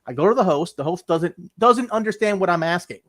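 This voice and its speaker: A man's voice: high-pitched, animated, a little fast, a little hiss or hum. A young man co-hosting a podcast, ranting with exasperation and swearing, acting out his calls to tech support. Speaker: podcast co-host. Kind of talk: casual chat.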